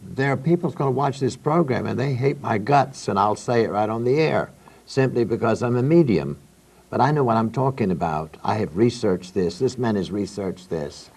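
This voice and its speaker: Man, Southern American accent, reverend, emphatic and outspoken, lowish pitch. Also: animated, moderate pace, a little mellow, husky. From Southern United States. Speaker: reverend and trance medium. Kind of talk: studio talk show discussion.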